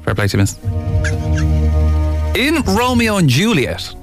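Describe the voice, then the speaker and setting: Give me an Irish man hosting breakfast radio in a studio, higher-pitched than most, with a very lively, swooping delivery and quick laughs, soft music underneath. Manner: jokey, laughs often. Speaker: radio breakfast show host. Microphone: studio microphone.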